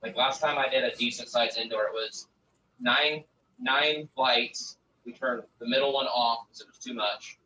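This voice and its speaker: In casual livestream chat, a guest grower talks about growing with plenty of profanity, drifting between numbers and anecdotes. His mid-range voice is bright and forceful at a moderate pace, recorded through a distant lo-fi mic with faint noise.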